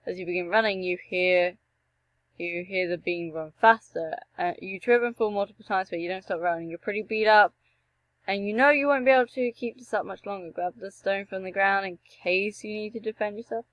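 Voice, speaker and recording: A young woman reads a text adventure aloud at a middle pitch, breaking off into joking, animated asides. Her voice sits close and dry, with no room sound around it. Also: fairly quick, no room sound, muffled recording. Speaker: gameplay streamer. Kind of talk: reading a text game aloud with commentary.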